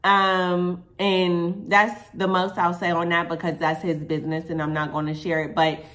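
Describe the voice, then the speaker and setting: A woman from Pittsburgh, Pennsylvania, with a fairly low voice, chatting straight to her viewers. She tells a personal story in a loose, conversational way. She leans on fillers and asides to "y'all". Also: flat delivery, moderate pace, fairly bright tone. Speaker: vlogger. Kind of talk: casual storytime chat.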